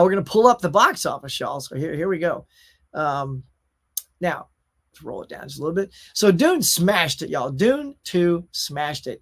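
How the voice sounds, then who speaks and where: A middle-aged man hosting a casual pop culture show, chatting and reading viewer comments in a rambling way with fillers. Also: on the high side.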